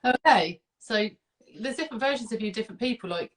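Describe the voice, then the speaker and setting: A woman's voice: on the high side, fast talker. Chatty woman guest seeking agreement. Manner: chatty, emphatic, seeks agreement with tag questions. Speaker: guest, client. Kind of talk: casual interview chat.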